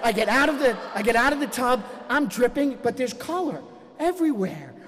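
Animated man telling a story in a reverberant hall. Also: very high voice, a little fast. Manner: animated, acts out his own shouts. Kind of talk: stand-up storytelling.

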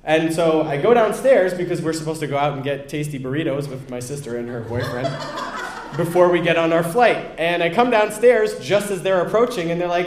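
A man's voice: a little high, moderate pace, reverberant. A young man candidly telling a self-deprecating personal story, acting out what people said.

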